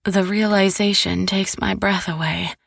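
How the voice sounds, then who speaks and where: A woman narrating a first-person romance audiobook in an intimate, soft-spoken way. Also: mid-range voice, steady tone, a little slow, creaky, no echo, studio quality.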